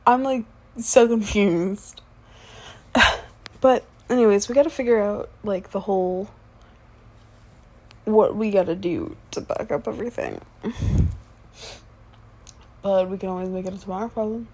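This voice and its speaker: A woman's voice: medium pitch, unhurried, pauses often, darkish tone. A woman in her twenties doing a whispered role-play as the listener's sleepy, chatty fiancée, rambling between yawns.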